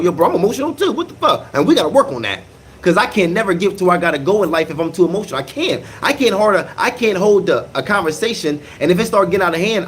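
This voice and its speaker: Animated man with a lively high voice. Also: slight background noise. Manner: animated, emphatic, repeats phrases, slangy. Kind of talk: casual monologue.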